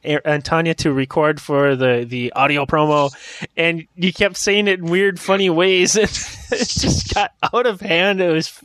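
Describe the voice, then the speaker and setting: A man's voice: on the high side, fairly even intonation, a little slow, a bit bright, clear, resonant tone, no echo. A man hosting a casual podcast chat, teasing his co-hosts, laughing and tripping over his words. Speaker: podcast host and editor.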